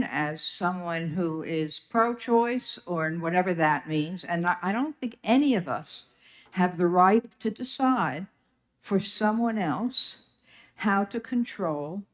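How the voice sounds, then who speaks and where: An older witness speaks before a legislative committee in a slow, deliberate way. The pitch sits mid-range and the delivery is measured, with frequent ums and careful restarts. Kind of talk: formal testimony.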